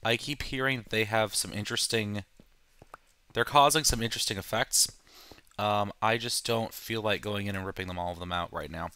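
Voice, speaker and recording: A man's voice: lowish voice, normal speed, bright, forceful tone, clean tone, dry recording. A man hosting a let's play, talking through his game with casual, joking, self-deprecating asides. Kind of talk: casual gameplay commentary.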